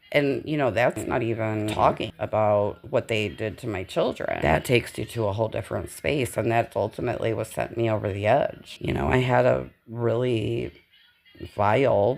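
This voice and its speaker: A woman's voice: a bass voice, gravelly. A young adult woman recording a casual voiceover at home, talking candidly with lots of swearing and stopping now and then to catch her breath. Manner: candid, profane, rambling and animated. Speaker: vlogger. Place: dark living room at home. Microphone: home voiceover mic.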